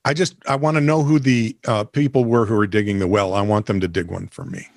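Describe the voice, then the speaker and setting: A man's voice: on the low side, steady tone, fast talker, vocal fry, no room sound, studio quality. A man co-hosting a comedic news podcast, reading stories aloud with a wry tone. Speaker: podcast co-host. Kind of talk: casual comedic news chat.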